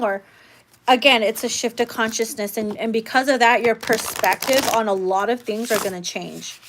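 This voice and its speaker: A woman reads tarot live in a loose, chatty way, blunt and quick to swear. Her voice sits a little high. Faint background noise and the soft shuffle of cards run underneath. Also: fairly even intonation. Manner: casual, blunt, swears freely. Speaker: tarot reader.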